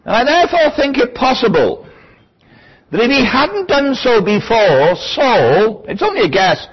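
Male Bible teacher, husky and animated, digressive lecturing style, dull lo-fi recording. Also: very high-pitched, measured pace. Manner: thoughtful, digressive, lecturing with asides.

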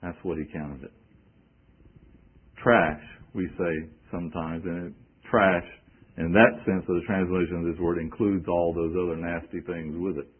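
Deep, husky preacher on tinny radio. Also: male voice, steady tone, normal speed. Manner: emphatic, rhetorical questions, quoting scripture. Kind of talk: sermon.

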